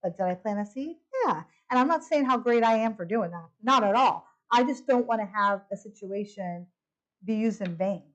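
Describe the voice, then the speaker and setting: A woman's voice: mid-range voice, normal speed, low-quality recording. A middle-aged woman giving a testimony talk at a women's retreat, telling stories and acting out the dialogue. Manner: lively storytelling, acting out dialogue. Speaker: retreat speaker.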